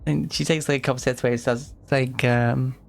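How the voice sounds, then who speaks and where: A man narrating as game master of a tabletop role-play stream, relaxed and rambling. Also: mid-range voice, brisk, vocal fry. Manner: relaxed, rambling with many fillers. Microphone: home mic on a live stream.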